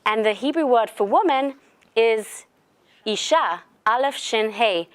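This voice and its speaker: A woman giving a faith lecture to a live group. She talks in a chatty, animated way and weaves stories into her teaching. Her voice sits a little high, with frequent ums and restarts. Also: measured pace, smooth. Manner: conversational, animated storyteller. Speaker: religious lecturer. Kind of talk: lecture with storytelling.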